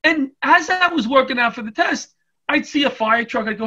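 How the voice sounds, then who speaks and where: Bright, high-voiced middle-aged man telling stories. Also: normal speed, muffled recording. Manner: animated, comic, acts out voices in anecdotes. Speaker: guest, retired firefighter and comedian. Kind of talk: storytelling interview chat. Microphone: video call.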